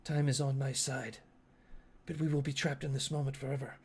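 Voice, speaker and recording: A man voicing a calm male sage who bends time, speaking quietly, steadily and with resolve in a tabletop game. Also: medium pitch, fairly quick, slightly rough. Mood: hushed.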